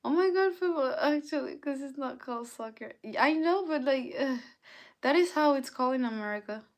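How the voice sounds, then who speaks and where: A woman's voice: high voice, expressive, a little fast. A young woman hosting a casual live stream, chatting, greeting viewers by name and answering their comments. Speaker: livestream host.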